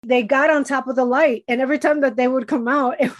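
A woman with a high-pitched voice co-hosts a casual podcast. She is chatty and laughs easily as she shares stories. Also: fairly even intonation, quick pace. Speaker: podcast co-host. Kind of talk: casual chat.

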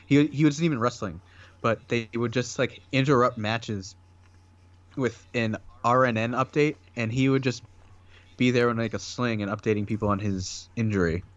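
A man's voice: mid-range voice, fairly even intonation, moderate pace, dry recording, highs cut off. A man co-hosting a casual podcast chat, talking loosely with lots of fillers and frequent laughs. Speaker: podcast co-host.

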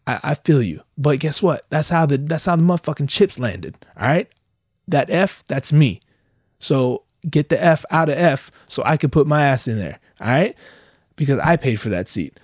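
A man doing stand-up storytelling in a profane, animated way, jumping his voice up to act out what people said. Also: a little high, normal speed, dry recording, clean studio sound. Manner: profane, animated, acts out quotes in raised voice. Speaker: comedian.

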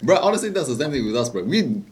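A man's voice: medium pitch, sing-song, quick pace, a little mellow, a little hiss or hum. A young man hosting a casual podcast chat, laid-back and slangy, full of fillers. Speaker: podcast host.

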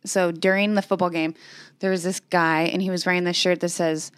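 A woman's voice: on the low side, level tone, fairly quick, clear, resonant tone, dry recording, clean studio sound. A young woman co-hosting a podcast, telling stories in casual chat with fillers and lots of swearing. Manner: swears a lot, storytelling with fillers. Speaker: podcast co-host.

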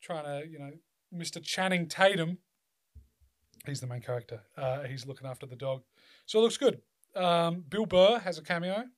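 A man hosting a casual podcast, talking in a laid-back way full of swearing and ums. His voice sits a little high for a man. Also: expressive, normal speed. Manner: laid-back, swears a lot, many fillers. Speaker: podcast host. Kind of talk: casual chat.

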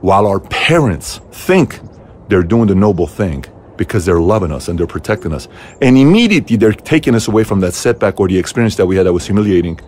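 A middle-aged man hosting a motivational talk to camera, telling a personal story with animated leaps in his voice. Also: a little hiss or hum. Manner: animated storytelling, voice jumping high on key moments. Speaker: host.

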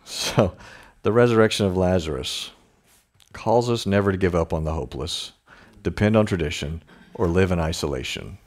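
A man's voice: deep voice, normal speed. A man preaching a conversational sermon, with informal asides and chuckles. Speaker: pastor.

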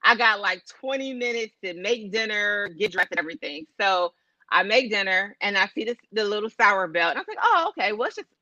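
A woman co-hosting a podcast, telling a profane, animated story in casual chat. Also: mid-range voice, a little fast, no room sound, dull audio. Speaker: podcast co-host.

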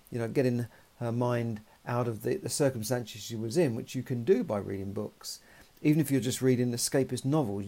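A podcast host delivers a casual, rambling monologue, peppered with "you know" and restarts. His voice is mid-range with a dark tone.

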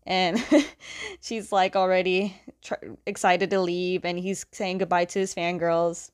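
A woman's voice: mid-range voice, steady tone, measured pace, clean tone. A young woman casually recapping a comic story, chatty, laughing often and leaning on "like.".

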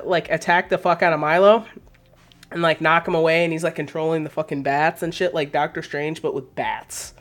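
A woman co-hosting a casual podcast chat, retelling a film plot in a loose, profane, animated way. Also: on the low side, normal speed. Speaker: podcast co-host.

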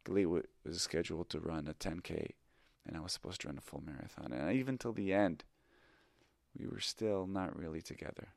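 A man's voice: deep voice, fairly quick, creaky, dry recording, studio quality. A middle-aged man who teaches improv tells a personal story in a reflective, candid and self-critical way. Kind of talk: confessional storytelling.

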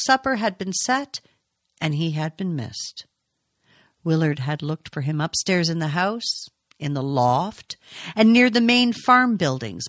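A woman narrating a novel aloud in a measured, expressive way. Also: fairly low pitch, dry recording, studio quality. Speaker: audiobook reader.

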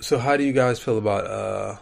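Podcast guy, gravelly voice, blunt, shoots things down fast. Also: on the low side. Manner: blunt, dismissive. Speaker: podcast co-host. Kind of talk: casual chat.

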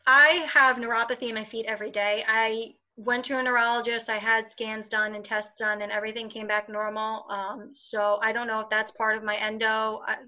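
Bright-voiced woman, candid and chatty. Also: on the high side, level tone, normal speed, few pauses. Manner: candid, chatty, with frequent fillers. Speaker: interview guest. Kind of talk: casual conversation. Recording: dull lo-fi recording.

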